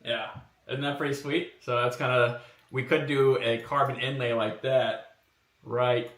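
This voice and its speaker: A man chats his way through car design work on a stream, laid-back and meandering, with fillers as he thinks aloud. His tone is sharp and bright. The sound is roomy, as if he sits back from the microphone in a workshop room. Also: medium pitch, distant mic. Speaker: streamer showing car body kit designs. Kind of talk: casual live-stream commentary. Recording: roomy, from away from the mic.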